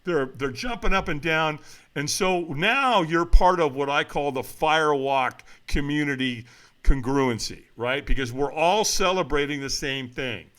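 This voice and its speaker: A middle-aged man telling a story as a podcast guest, acting out the voices of the people in it and shouting for emphasis. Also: a little high, measured pace. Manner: dramatic retelling, acts out quoted voices, shouts for emphasis. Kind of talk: animated storytelling.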